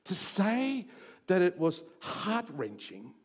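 A male pastor preaching a sermon, building to loud emphatic runs and then dropping to hushed, intense passages. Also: sits high, huge pitch swings, slow pace. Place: church sanctuary. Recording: church hall reverb.

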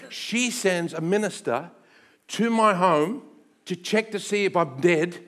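A middle-aged man, preaching a sermon and telling a personal story in an animated way, dropping to hushed tones and rising to loud bursts. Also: high voice. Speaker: pastor.

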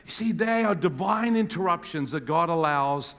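A male preacher giving an animated sermon, acting out the voices of people in his stories. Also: a little high, moderate pace. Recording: reverberant hall.

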